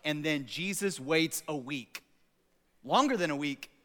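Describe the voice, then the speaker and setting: A man's voice: a little high, a little slow. A man preaching as a pastor, telling stories animatedly and acting out quotes for laughs. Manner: animated, jokey storytelling with acted-out quotes. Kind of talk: sermon. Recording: echoey hall.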